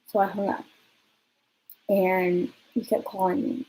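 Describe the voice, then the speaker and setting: A young woman talks straight to camera in a loose storytime vlog, chatty and blunt, swearing without a second thought. Her voice is mellow and a little dark. A faint hiss sits under the recording. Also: medium pitch, level tone, measured pace, long pauses, poor audio. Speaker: vlogger.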